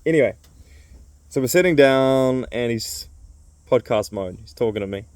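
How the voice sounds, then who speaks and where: A man's voice: mid-range voice, expressive, normal speed, darkish tone, no echo. A man who runs a men's circle, telling a casual, rambling story full of fillers.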